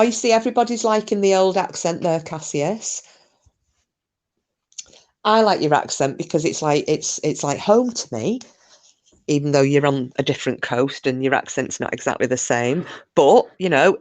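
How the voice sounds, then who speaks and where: Her voice sits low with a darkish tone and lively intonation, at a moderate pace. She's a Scottish woman hosting a laid-back livestream, reading out what viewers write and teasing them in chatty replies with mild swearing.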